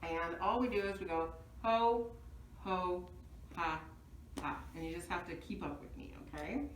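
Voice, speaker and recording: A woman teaching laughter yoga cheerfully leads exercises with rhythmic ho-ho-ha-ha laughter and is also interviewed. Her voice is lowish and fast, picked up off-mic from a distance in an echoey room with a little hiss or hum.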